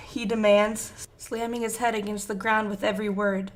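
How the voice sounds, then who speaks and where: A woman's voice: mid-range voice, level tone, normal speed, few pauses, fairly bright tone. A woman reading a fan fiction story aloud with intense, emotive narration. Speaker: fanfiction reader.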